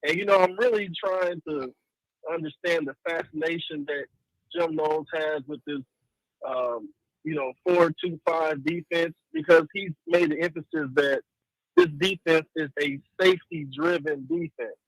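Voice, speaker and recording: A man calls in to a radio show and rambles casually. His voice is a bit high and gravelly. The phone line sounds dry and close. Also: lively intonation, unhurried, dry recording. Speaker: caller.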